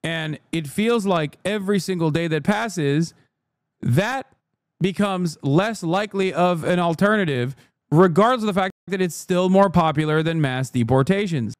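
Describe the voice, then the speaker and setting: Combative, profane streamer with a high voice. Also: male voice, normal speed, dry recording, studio quality. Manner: combative, profane, talks straight to chat. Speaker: streamer reacting to news. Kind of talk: profane live-stream rant.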